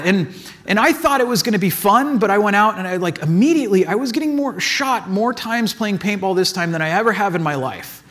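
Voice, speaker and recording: A man delivers a sermon in an easygoing, chatty way, his voice pitched high for a man and bouncing all over. He tells stories with plenty of "like" and little acted-out asides. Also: a bit bright. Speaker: pastor. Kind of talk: casual conversational sermon.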